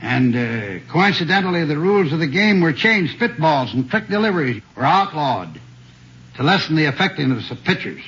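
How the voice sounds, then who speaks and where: A man's voice: a little high, sing-song, normal speed, a bit bright. A man giving matter-of-fact spoken commentary with a few fillers. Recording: dull lo-fi old radio recording.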